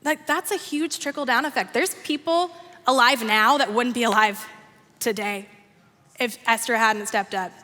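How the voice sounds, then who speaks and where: A young woman telling a story to a youth group with a high, bright voice. She acts out the characters' lines as she goes. A long hall reverb trails behind her. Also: normal speed. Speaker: youth ministry coordinator. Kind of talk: youth sermon. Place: church worship hall.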